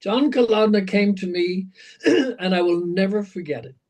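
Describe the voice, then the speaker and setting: High-voiced older man telling rock stories. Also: normal speed, poor audio. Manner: animated anecdotes, acts out quotes, swears, laughs. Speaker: rock singer, interview guest. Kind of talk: storytelling interview.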